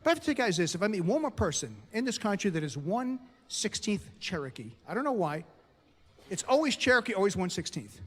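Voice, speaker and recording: A middle-aged man from the US does stand-up comedy on a club stage, punchy in delivery and quick with asides to the audience. He speaks in a high, sing-song voice, and the sound carries a long reverb tail.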